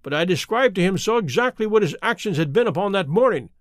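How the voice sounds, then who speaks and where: Brief: a man playing a calm, sharp detective, fairly high voice, very dry recording. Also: quick pace, no room sound. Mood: cool. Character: cool, precise male detective, middle-aged.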